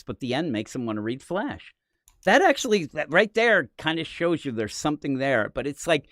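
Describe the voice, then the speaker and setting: A man co-hosting a casual comic review podcast, talking in an animated, rambling way. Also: mid-range voice, dry recording, clean studio sound. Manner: animated, rambling, quick to laugh. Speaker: podcast co-host.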